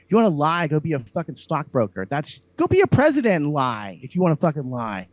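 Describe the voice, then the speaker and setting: Comic host from Louisiana, profane heated ranter, fairly high and lively voice, dry close sound. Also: male voice, fast talker, no echo. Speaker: comedian and podcast host. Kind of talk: casual podcast rant.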